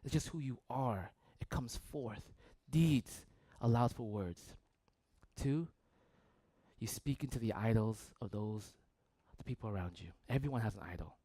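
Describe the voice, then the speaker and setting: A man preaching a sermon as a pastor, telling a story conversationally with frequent "right?" and swinging between loud bursts and hushed near-whispers. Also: medium pitch, unhurried, husky, no echo.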